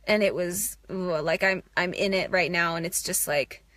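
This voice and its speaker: A woman's voice: on the low side, moderate pace, fairly bright tone, dry recording. A young woman giving a raw, emotional self-help monologue, intense and swearing, breaking into bursts of laughter. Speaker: spiritual speaker.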